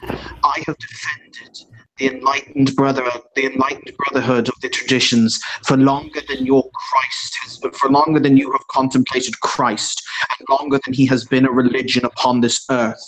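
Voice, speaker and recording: A man voicing a calm, grand warrior monk who speaks in solemn declarations in a tabletop game. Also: mid-range voice, normal speed, a crowd in the background, close to an everyday voice, low-quality recording.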